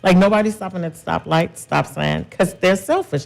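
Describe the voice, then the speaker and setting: A woman's voice: lowish voice, a little fast, vocal fry, a little mellow. A woman co-hosting a casual chat show, earnest and a bit preachy. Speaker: co-host.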